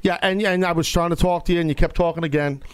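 A man's voice: fairly high pitch, fairly even intonation, fast, clear, resonant tone, no echo. A male radio show host in casual sports talk, rambling and stop-start as he takes calls.

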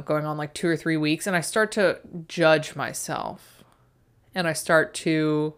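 A woman's voice: low-pitched, fairly bright tone, smooth. Rambling, swearing young woman. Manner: rambling, self-mocking, swears often. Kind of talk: casual monologue.

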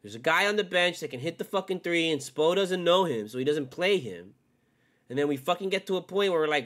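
A man hosting his own sports podcast alone, ranting with constant swearing, jumping from loud outbursts to low mutters. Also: quick pace. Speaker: podcast host. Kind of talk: solo sports rant.

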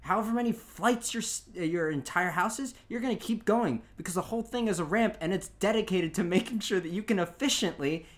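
A man's voice: high voice, fairly quick, hardly any pauses. A man co-hosting a casual comedic chat, laughing often as he spins absurd hypothetical stories. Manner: giggly, tells absurd hypotheticals.

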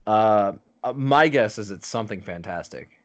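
A man's voice: lowish voice, lively intonation, moderate pace, highs cut off. A young man co-hosting a casual podcast chat with dry, teasing humor. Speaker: podcast co-host.

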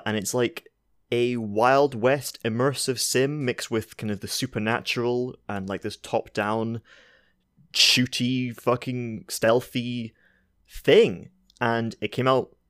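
A man's voice: medium pitch, no room sound, studio quality. Rambling, sweary man on a podcast. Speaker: podcast co-host. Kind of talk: casual podcast chat.

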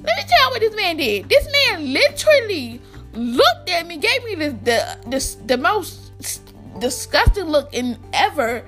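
A young woman from the United States telling a rambling, animated storytime to her viewers, full of fillers and restarts. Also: very high-pitched, measured pace, soft background music. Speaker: vlogger. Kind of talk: casual storytime addressed to viewers.

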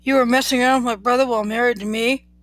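A woman's voice: a little high, steady tone, racing, no echo, close to an everyday voice. A woman reading the part of an angry, betrayed young husband, in a fuming, bitter way.

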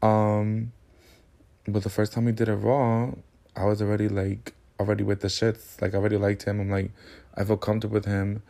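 Sassy man with a gravelly low voice. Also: brisk. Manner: sassy, candid, slangy and expressive. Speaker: podcast host. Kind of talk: casual storytelling monologue.

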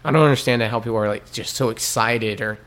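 A man's voice: lowish voice, quick pace, fairly bright tone. Easygoing young man in casual chat. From American South. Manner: easygoing, hesitant, many fillers.

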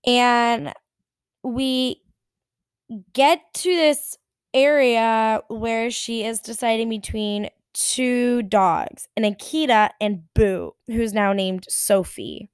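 A woman in her twenties telling a story in an animated, exasperated way. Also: on the high side, takes it slowly, clean tone, dry recording. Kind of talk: storytime vlog.

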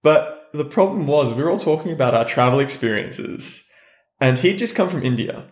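A man co-hosting a podcast, telling a travel story in a blunt, animated way with casual swearing. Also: a little high, moderate pace. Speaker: podcast co-host. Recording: roomy echo.

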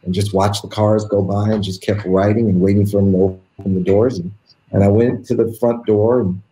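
A man from the United States telling stories as an interview guest, animated and acting out the quotes. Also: lowish voice, brisk. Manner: animated storyteller who acts out quotes. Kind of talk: casual anecdote telling. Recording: roomy echo.

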